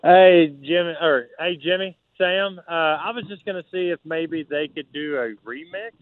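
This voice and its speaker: A man's voice: a little high, normal speed, no echo. A man calling into a radio show, hesitant and full of fillers. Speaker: caller. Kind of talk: phone call to a radio show. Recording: tinny phone line.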